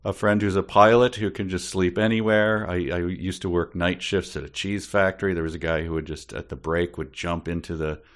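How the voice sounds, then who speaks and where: Co-host, male, low voice, dry wry humor. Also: steady tone, fairly quick, few pauses. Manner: dry, wry, joking asides. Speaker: podcast co-host. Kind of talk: casual comedic book discussion.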